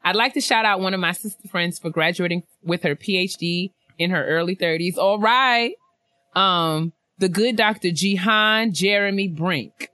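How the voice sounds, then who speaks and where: Podcast lady reading fan emails, super bright voice, bounces up high when she laughs, real dry close mic. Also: moderate pace, no echo. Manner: animated and laughing, big pitch jumps when excited. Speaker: podcast co-host. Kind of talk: casual podcast chat, reading listener emails.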